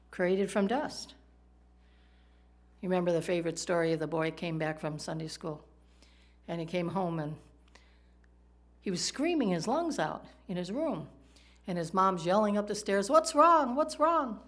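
Lower-voiced woman preaching a sermon. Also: normal speed, pauses often. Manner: teaching, explains Hebrew words, tells jokes.

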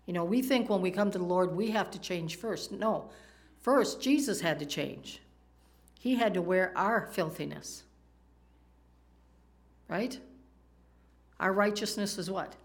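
A woman's voice: fairly low pitch, measured pace, pauses often. A woman preaching a sermon in a conversational way, often asking her listeners questions. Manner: conversational, asks the audience questions.

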